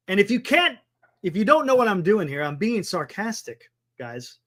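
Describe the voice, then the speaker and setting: A man hosts a casual sports talk stream, rambling through the standings and answering his chat with a sarcastic edge. His voice sits high and swings widely in pitch as he talks. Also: very animated, moderate pace, fairly bright tone. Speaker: sports talk show host.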